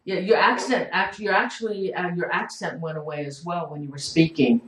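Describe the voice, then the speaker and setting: A woman hosting a live online show, calm and reassuring with her guest. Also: fairly low pitch, moderate pace, reverberant, a little hiss or hum, rough recording. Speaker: show host.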